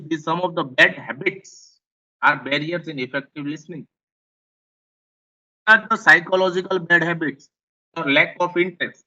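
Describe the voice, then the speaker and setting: A man's voice: a little high, sharp tone, dull audio. A man with an Indian English accent giving a classroom lecture, explaining points and repeating them. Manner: repetitive, explanatory, rephrases points.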